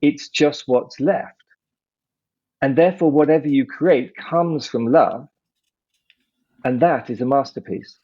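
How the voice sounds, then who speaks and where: A man speaking as a podcast guest, measured and philosophical, slowing down to stress ideas. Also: medium pitch. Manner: measured, philosophical, slows down for emphasis. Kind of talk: reflective interview talk. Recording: muffled lo-fi audio.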